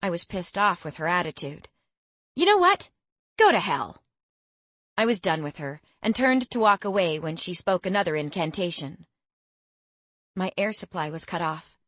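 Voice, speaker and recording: A woman narrating a first-person fantasy audiobook in a steady, reflective storytelling manner. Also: fairly low pitch, normal speed, dry recording.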